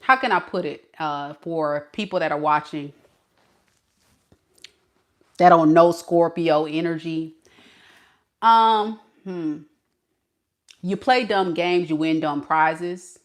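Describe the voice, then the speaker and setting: A woman's voice: sits low, takes it slowly, pauses often. A woman giving a casual tarot reading in a sassy, teasing way, often trying not to laugh. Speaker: tarot reader.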